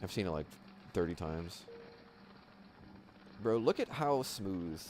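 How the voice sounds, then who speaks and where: A man's voice: sits low, slow pace, a little hiss or hum. Rambling laid-back man commenting on a stream. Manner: excitable, rambling, lots of fillers and laughs. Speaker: livestream host. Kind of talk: casual livestream commentary.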